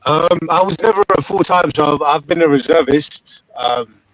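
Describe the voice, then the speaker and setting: A man's voice: fairly high pitch, normal speed, fairly bright tone, dry recording, low-quality recording. A man with a southern English accent chatting casually on a live call, swearing freely between laughs. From Britain. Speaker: participant in open discussion.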